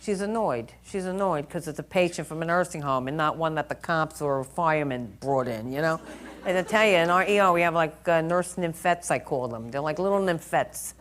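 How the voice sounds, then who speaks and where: A woman's voice: low-pitched, moderate pace. An older woman teaching critical care nursing, lecturing in a chatty, emphatic way with stories from the ward. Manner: animated storyteller, chatty and emphatic. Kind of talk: lecture with anecdotes.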